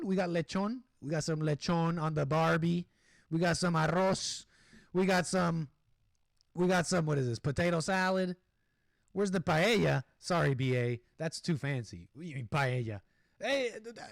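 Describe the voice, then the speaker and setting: A man hosting a casual livestream, chatting loosely with his viewers and reacting to a video in an animated, rambling way. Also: high-pitched, no room sound, studio quality. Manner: animated, rambling, talks to chat, mock-singing asides. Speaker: livestream host. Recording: music playing behind the voice.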